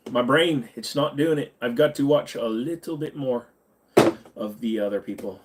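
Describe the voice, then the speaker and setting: A man's voice: medium pitch, normal speed, slight background noise. A man hosting a firearms channel, answering viewer questions in a laid-back, rambling way with casual swearing. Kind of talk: casual livestream Q&A.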